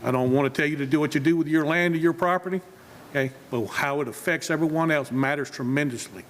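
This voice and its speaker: A man's voice: fairly high pitch, quick pace. A man who works as a contractor giving a firm, blunt public comment at a county meeting, with rhetorical questions. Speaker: resident and construction contractor. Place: county commission meeting room.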